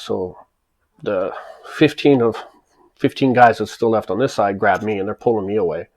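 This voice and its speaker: A man's voice: fairly low pitch, normal speed, darkish tone. An American man telling a personal story in a casual, emphatic way, full of restarts. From United States. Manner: emphatic, rambling with many restarts. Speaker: vlogger recounting his life in Japan.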